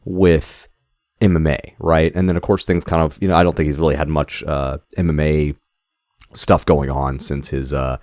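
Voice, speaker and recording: Man, very low voice, dry close sound, rambling casual podcast talk, swears freely. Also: level tone, moderate pace, darkish tone, dry recording. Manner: rambling, profane, many restarts. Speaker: podcast co-host. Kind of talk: casual chat.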